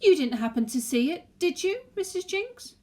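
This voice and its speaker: A woman reading aloud puts on a scheming old grandmother who feigns innocence. Her voice rises high and lilting, every line sugared and insinuating. It is a storybook read-aloud voice. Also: very animated, moderate pace. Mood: sly sweet. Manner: sweetly insinuating, sing-song.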